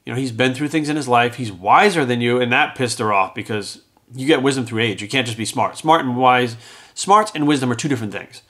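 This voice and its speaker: A man's voice: medium pitch, fairly quick, a bit bright. A middle-aged man telling a personal story in a casual, rambling monologue, acting out the lines of the people in it as a podcast host. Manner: rambling and conversational, acts out quoted dialogue. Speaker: fitness coach and podcast host.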